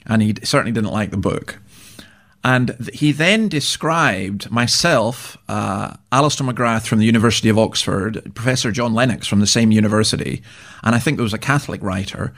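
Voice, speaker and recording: A man's voice: fairly low pitch, normal speed, fairly bright tone. A middle-aged Scottish man, a minister, talking casually as an interview guest, chatty and self-deprecating with many restarts. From Scotland.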